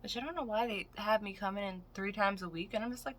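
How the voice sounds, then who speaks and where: Speaking quickly with hardly any pauses, this woman in her late twenties vents to her vlog audience with frank, profane, exasperated storytelling. Her voice sits mid-range and sounds expressive, bright and forceful.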